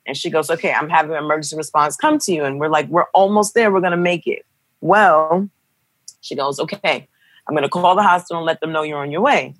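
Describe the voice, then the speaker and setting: A young woman casually telling a dramatic personal story, animated and acting out the voices of the people in it. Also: deep voice, brisk, dry recording. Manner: animated, acts out quoted voices. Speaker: guest telling a birth story.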